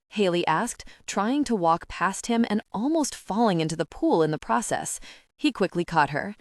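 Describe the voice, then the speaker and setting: A woman narrating a romance audiobook with a steady, expressive reading. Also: mid-range voice, moderate pace, no echo, clean studio sound.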